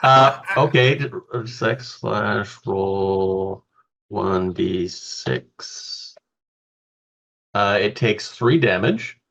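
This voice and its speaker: A man's voice: on the low side, drawn-out words, gravelly, fairly bright tone. Sex: man. Role: player. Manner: hesitant, thinking aloud. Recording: dull lo-fi mic. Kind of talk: tabletop game chat.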